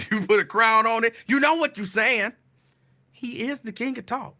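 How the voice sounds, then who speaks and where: A man's voice: extremely high pitch, moderate pace, pushed and bright. A man hosting his own podcast, teasing and calling someone out in a profane, repetitive casual rant. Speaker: podcast host.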